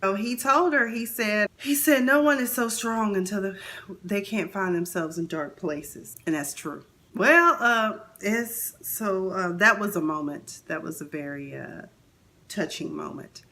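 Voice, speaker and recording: Bright-voiced woman chatting about a show. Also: a little slow. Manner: chatty, acts out characters' lines with big pitch swings. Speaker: TV recap host. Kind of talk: casual recap chat.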